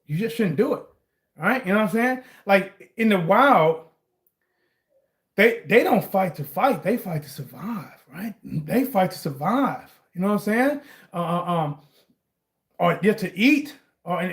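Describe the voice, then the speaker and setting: A high-voiced sports commentary vlogger rambles through a casual chat, looping back over his points. He's animated and breaks into sharp shouts to drive each one home.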